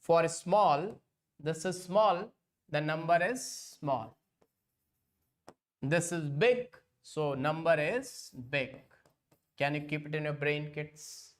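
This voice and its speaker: A man's voice: fairly high pitch, animated, slow, pauses often. A man teaching an online exam-prep lecture. He repeats points again and again and keeps calling his students kids.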